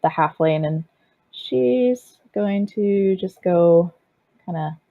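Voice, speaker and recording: Female player, slow and hesitant, lower pitch; dull lo-fi sound. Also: animated. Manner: hesitant, with many fillers. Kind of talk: describing her character at a tabletop game.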